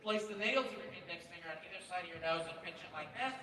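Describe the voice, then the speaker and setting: A man presenting to a large live student audience in an auditorium, energetic and animated as he directs the crowd. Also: sits high, quick pace. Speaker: event presenter. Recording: echoey hall, voice from far off.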